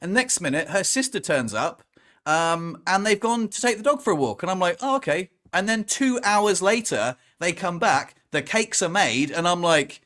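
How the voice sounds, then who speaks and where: A man's voice: sits high, lively intonation, moderate pace, bright, forceful tone. A man chatting casually on a podcast, telling a story and acting out what people said. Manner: storytelling, acts out quoted lines. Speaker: co-host. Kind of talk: casual chat.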